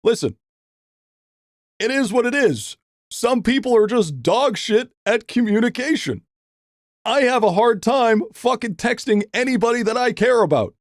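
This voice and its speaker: A man's voice: moderate pace, no echo, studio quality. A young man live-streaming a game, ranting casually with lots of swearing, stammered restarts and repeated phrases, his voice climbing when he vents. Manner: profane, rambling, repeats himself with stammered restarts; animated, voice jumps higher when venting. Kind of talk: casual live-stream rant, reading chat.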